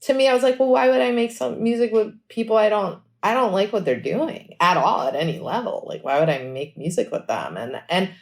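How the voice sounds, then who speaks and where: A woman musician telling stories in a casual podcast interview, lively and chatty, acting out what people said. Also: mid-range voice. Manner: animated storytelling, acts out quotes; fast and chatty, frequent "like". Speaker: musician guest.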